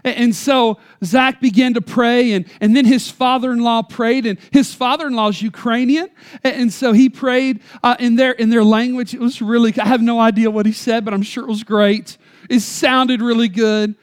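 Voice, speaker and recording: A man's voice: very high voice, steady tone, normal speed, clean tone. A man, preaching a sermon in church with emphatic storytelling. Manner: storytelling, emphatic, varies loudness for effect. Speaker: pastor.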